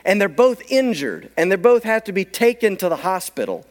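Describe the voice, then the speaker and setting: Brief: male pastor, high-pitched, swooping delivery, storytelling sermon. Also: normal speed. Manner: animated storytelling, acts out quoted voices.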